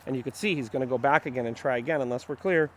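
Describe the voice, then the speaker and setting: A man's voice: mid-range voice, rapid-fire, a bit bright, slight background noise. A man working as a dog trainer, explaining a training session in an upbeat, explanatory way and talking to the dog as he goes. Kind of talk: instructional training vlog.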